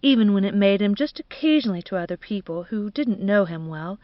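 A woman narrating a literary audiobook in an expressive, measured reading. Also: mid-range voice, dry recording. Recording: dull, dry studio recording.

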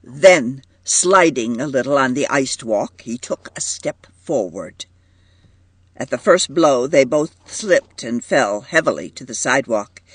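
A man reads a story aloud in an unhurried, expressive way, his voice husky and lively in pitch. The recording is close and dry. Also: no room sound. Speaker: narrator. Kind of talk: audiobook narration.

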